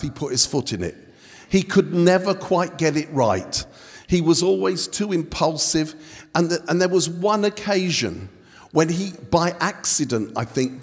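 High-voiced joking preacher in a hall. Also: male voice, husky. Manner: jokey storytelling, bantering with the audience. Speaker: guest preacher. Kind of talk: humorous sermon. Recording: long hall reverb.

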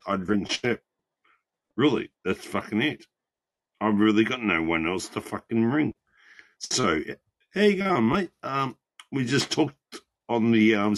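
A man's voice: fairly low pitch, dry recording. A slightly drunk man, chatting casually on an online call and swearing constantly as he rambles. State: a bit drunk. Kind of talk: casual chat.

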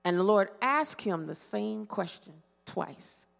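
A woman preaching a sermon, pausing dramatically and asking the congregation to fill in her questions. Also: mid-range voice, lively intonation, gravelly, long reverb tail, soft background music. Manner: call-and-response questions with dramatic pauses. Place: church sanctuary.

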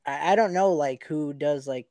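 A man co-hosting a casual sports podcast over a video call, talking in a halting, hesitant way. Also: on the high side, mellow, dry recording. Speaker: podcast co-host.

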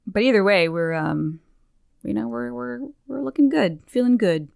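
A woman co-hosting a podcast talks through a game's story in a lively, casual way, slipping into the characters' voices as she tells it. Her voice is smooth and clear, and it sits close and dry on the microphone. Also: mid-range voice, moderate pace, dry recording. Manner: animated, acts out characters' lines with swearing and laughter. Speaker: podcast co-host. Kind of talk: casual chat recapping a game questline.

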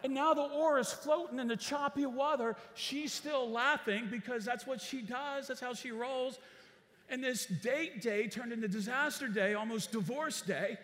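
A man's voice: very high voice, normal speed, a bit bright, in a large hall. A man preaching a sermon, telling a story with energy and calling on the congregation to respond. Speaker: pastor.

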